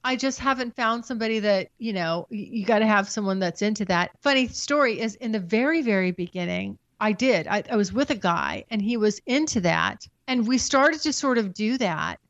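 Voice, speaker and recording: A woman's voice: mid-range voice, lively intonation, no room sound, lo-fi sound. Frank, profane woman telling candid stories. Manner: frank, profane, storytelling with halting restarts. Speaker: podcast guest. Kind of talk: candid casual chat.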